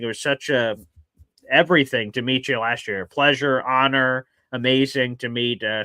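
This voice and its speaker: Bright, dry-voiced effusive show host. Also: male voice, mid-range voice, dry recording. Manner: effusive, emotional, laughs often. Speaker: sports talk show host. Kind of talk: live-stream talk show.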